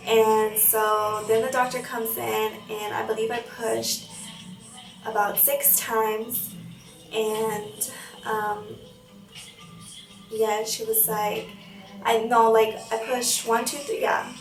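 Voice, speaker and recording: A woman's voice: on the high side, little pitch movement, takes it slowly, echoey room, distant mic, rough recording. A young woman vlogger telling a storytime tale, rambling with many fillers. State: tearful. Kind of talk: storytime vlog. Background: music playing.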